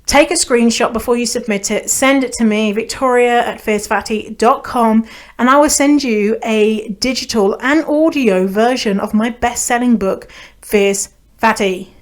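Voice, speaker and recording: A woman's voice: a little high, moderate pace. A young adult woman from Canada hosting a solo podcast, chatty and blunt, swearing freely and laughing as she talks. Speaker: podcast host. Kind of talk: casual solo podcast chat.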